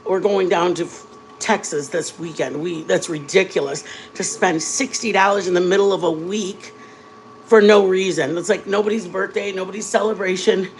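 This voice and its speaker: A woman's voice: fairly low pitch, fairly even intonation, normal speed, a little hiss or hum, low-quality recording. A woman in her forties, a vlogger, chatting casually with her viewers while baking at home and telling long stories. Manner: chatty storyteller addressing viewers directly.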